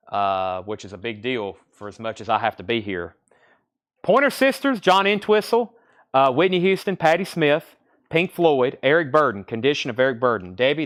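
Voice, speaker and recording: Southern guy in a record store, smooth voice, listing albums and prices, chatting to viewers. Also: medium pitch, a bit bright. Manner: rattles off record titles and prices, chatty asides. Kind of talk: live-stream sales patter.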